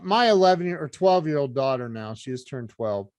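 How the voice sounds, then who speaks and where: An animated middle-aged man sharing a personal story as a podcast guest. His voice sits in an ordinary middle register and sounds dry and close, with no room around it. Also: medium pitch, brisk, dry recording. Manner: animated storyteller, earnest and faith-driven. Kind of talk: casual storytelling chat.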